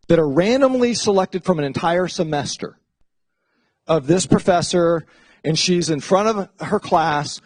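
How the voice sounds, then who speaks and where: A middle-aged male professor lectures in a loose, chatty way, his fairly high voice swinging widely in pitch as he acts out little asides. The sound is dry and close, with almost no room echo. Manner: chatty, animated, jumps into playful voices for asides. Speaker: psychology professor. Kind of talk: casual classroom lecture.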